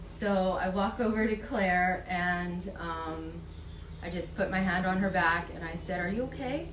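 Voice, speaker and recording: A woman hosts a casual live wellness interview, speaking slowly and gently with frequent ums. Her voice sits back from the mic in a reverberant room, with faint noise behind her. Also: on the low side, level tone. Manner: gentle, unhurried, many ums. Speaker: host. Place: in Vancouver. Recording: echoey room, voice from a distance.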